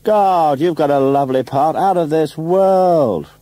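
A man voicing a loud, theatrical male amateur-drama director who shouts and draws out his words with relish. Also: medium pitch, measured pace, dry recording, voice pushed up, close to an everyday voice. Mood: effusive.

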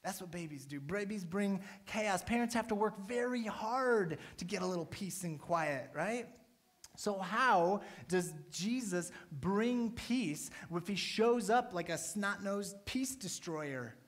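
A man's voice: high voice, animated, slow. A man in his thirties, a pastor, giving a casual, chatty sermon to his church and often checking in with "right?". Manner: casual, chatty preaching with many "right?" tags.

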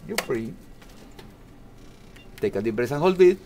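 Slow, calm male ultrasound instructor. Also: medium pitch, noisy background. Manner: calm, instructive, non-native English phrasing. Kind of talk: step-by-step medical demonstration.

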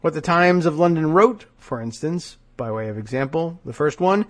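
This podcast host has a somewhat high, expressive voice and talks at a normal speed. He delivers sardonic, wry political commentary, reading news quotes and tossing in asides, all with a stuffed-up nose.

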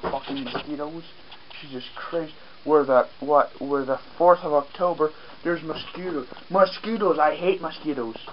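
This Acadian man from New Brunswick, speaking French-accented English in a somewhat high voice at a moderate pace, vlogs outdoors on a farm on a rainy day. He's chatty and self-deprecating, rambling, mocking himself and swearing casually, with muffled camera audio and slight background noise.

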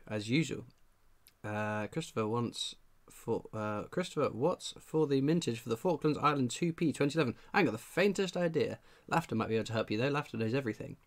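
A man with a cold, hosting a casual live stream, chatting and reading out viewer names. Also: mid-range voice. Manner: chatty, reads out viewer names, laughs a lot. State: has a cold. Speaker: livestream host. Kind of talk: casual livestream chat.

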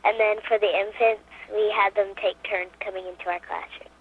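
Hesitant, husky woman on a phone line. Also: medium pitch, flat delivery, brisk. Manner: hesitant, giggly. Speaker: guest on the phone. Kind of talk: casual phone interview. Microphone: telephone.

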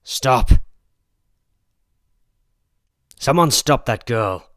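A man's voice: lowish voice, normal speed, slightly rough, no room sound, clean studio sound. A man voicing an angry, accusing record shop owner who presses insistently. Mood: shouting.

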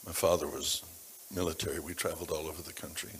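A man preaching a sermon, telling stories about people from his congregation, dropping to a hush and then rising to loud emphasis. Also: a bass voice, little pitch movement, fast talker, slight background noise. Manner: dramatic shifts between hushed and loud. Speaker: pastor. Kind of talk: sermon storytelling. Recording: long reverb of a large hall.

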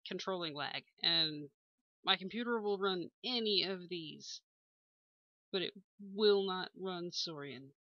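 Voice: medium pitch, bright, forceful tone, dry recording, lo-fi sound. A young adult hosting a gaming channel, chatting casually over gameplay with lots of ums, uhs and small chuckles. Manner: rambling, many ums and uhs, chuckles often. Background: faint game music.

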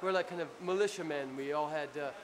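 A man with a New Jersey accent telling a rambling, profane story in a casual, animated way after a show. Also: a little high, quick pace, crowd noise. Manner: profane, rambling, animated anecdote with acted-out quotes. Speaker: punk band frontman telling a story. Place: crowded club after a show. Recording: noisy live club recording.

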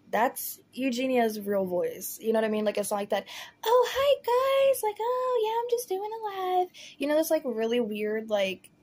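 A woman's voice: mid-range voice, darkish tone, husky. A woman hosting a casual commentary vlog, talking in a chatty, rambling way full of "like" and "you know". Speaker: commentary host.

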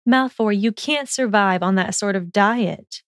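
A woman's voice: measured pace, no echo, studio quality, natural voice. A woman voicing a stubborn, caring young witch with a raised, insistent voice. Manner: higher, insistent, worried.

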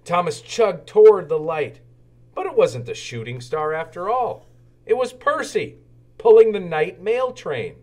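A man reading a children's storybook aloud, with expressive, animated narration. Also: a little high, a little slow. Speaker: children's book reader.

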